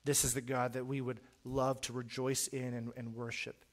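A middle-aged man preaching a sermon in an earnest way, repeating words as he starts phrases and swinging from quiet to loud. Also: mid-range voice, little pitch movement, normal speed.

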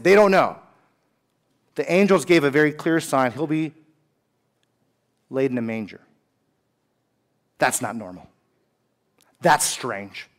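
A man in his thirties, a pastor giving a lively, conversational sermon with humorous asides and acted-out quotes. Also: mid-range voice, slow pace, pauses often. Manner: animated, conversational preaching with asides and voiced quotes.

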